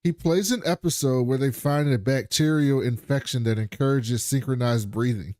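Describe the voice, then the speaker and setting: A man's voice: mid-range voice, a little mellow, no room sound, studio quality. A man co-hosting a podcast, animatedly retelling an episode and acting out the quotes in a casual chat. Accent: American. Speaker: podcast co-host.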